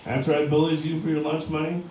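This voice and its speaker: A man in his thirties works a bar crowd with crude, punchy stand-up and shouts his punchlines. His voice sits a bit high for a man. It comes from far off the mic and rings with heavy bar room echo over faint noise. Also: monotone, quick pace. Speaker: stand-up comedian. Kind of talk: stand-up set. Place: bar stage before a live crowd.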